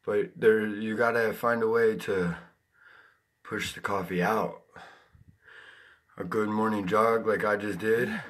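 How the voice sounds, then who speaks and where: A man, out of breath after a jog, giving a preachy, pumped-up motivational talk to his viewers. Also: fairly low pitch. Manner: pumped-up, preachy, with loud whooping shouts. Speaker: motivational speaker. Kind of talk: motivational vlog monologue.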